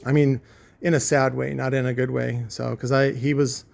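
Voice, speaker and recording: A man's voice: medium pitch, flat delivery, moderate pace, creaky, a little mellow, dry recording. A man who owns a shop, rambling and ranting through a one-take vlog, swearing freely as he goes. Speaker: shop owner vlogging. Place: his shop.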